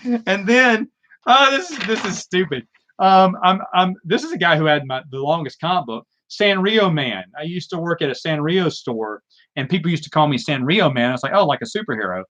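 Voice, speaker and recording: A man's voice: a little high, lively intonation, moderate pace, fairly bright tone. A man hosting a live Q&A, chatting casually and rambling with lots of fillers, restarts and self-mocking asides. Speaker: live Q&A host. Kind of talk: casual live stream chat.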